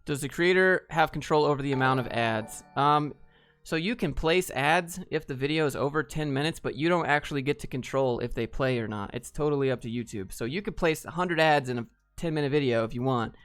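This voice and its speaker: A man's voice: a little high, fairly quick, few pauses, a bit bright, clear, resonant tone, soft background music. Blunt joking man on a livestream. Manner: blunt, joking, talks straight to viewers. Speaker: streamer answering viewer questions. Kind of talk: casual livestream chat.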